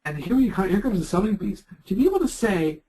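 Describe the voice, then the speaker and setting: Man, middle-aged, Canadian accent, leadership talk, lively rising and falling pitch, slightly high voice. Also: fast talker, husky, low-quality recording. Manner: animated, chatty, quotes people in lively voices. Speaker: leadership speaker. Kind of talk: webinar presentation.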